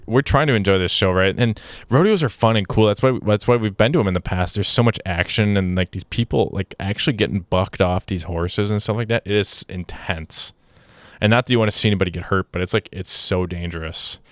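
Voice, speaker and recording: A man's voice: low-pitched, clear, resonant tone, no room sound. A young man hosting a podcast, telling a story in a casual, rambling way with many restarts, sounding exasperated. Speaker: podcast host.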